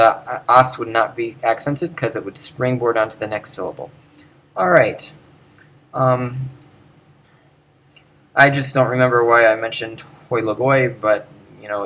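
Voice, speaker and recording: Man, middle-aged, slow pace, unscripted lecture, many fillers and restarts. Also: medium pitch, a bit bright. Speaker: lecturer on Greek pronunciation.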